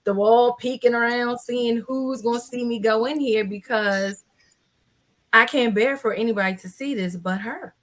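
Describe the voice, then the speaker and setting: A woman in her forties with a slightly higher voice, telling her own story as a panel guest. She talks in a lively, animated way and acts out the lines of the people in her story. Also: moderate pace. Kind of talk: personal storytelling in a casual panel chat.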